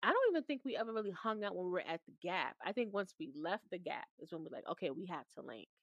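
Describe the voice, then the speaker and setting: A woman's voice: on the low side, lively intonation, no echo, highs cut off. Sassy New woman podcaster. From New York. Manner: sassy, laughs often, drawn-out emphatic phrasing. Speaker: podcast co-host. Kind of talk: casual chat.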